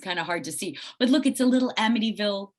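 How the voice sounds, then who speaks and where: A middle-aged woman from Long Island, a guest actress talking casually in an interview over a video call, lively and chatty with frequent restarts. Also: medium pitch, quick pace. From Long Island, New York.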